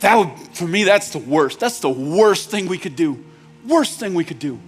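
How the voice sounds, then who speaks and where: A man's voice: high voice, very animated, moderate pace, breathy edge, faint music behind. A male pastor preaching in a church, talking plainly to the room and building to urgent, emphatic points. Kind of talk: sermon. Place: church sanctuary.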